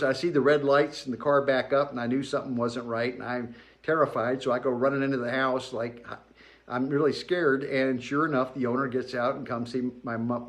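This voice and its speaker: A man's voice: mid-range voice, a bit bright. A man from Georgia in the US South telling his childhood memories in a plainspoken, reflective way with homey asides. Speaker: memoir storyteller. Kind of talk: spoken personal memoir.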